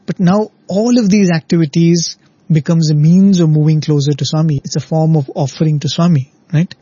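A man's voice: a little high, fairly even intonation, normal speed, warm tone, husky, no echo. A man giving an earnest devotional talk, explaining points and often checking in with "right?". The recording is dull and lo-fi. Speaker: devotional speaker. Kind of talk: spiritual talk.

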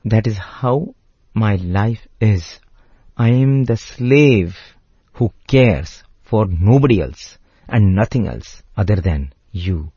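A man voicing a devoted, tearful younger prince who speaks in a slow, pleading, earnest way. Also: on the low side, animated, dark tone, slightly rough, no room sound, exaggerated voice. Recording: dull lo-fi dry recording.

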